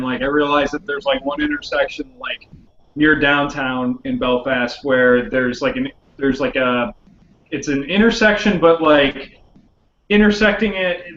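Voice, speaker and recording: A young man co-hosting a podcast in a casual chat, halting and full of fillers, with dry jokes. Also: a little high, bright, forceful tone. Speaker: podcast co-host. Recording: echoey room, dull lo-fi sound, faint hiss.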